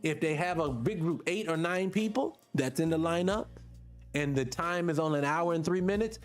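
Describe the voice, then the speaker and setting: A man's voice: on the high side, lively intonation, brisk, faint music behind. Blunt preachy radio host, man. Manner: blunt, preachy, addresses listeners directly. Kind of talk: casual morning radio talk.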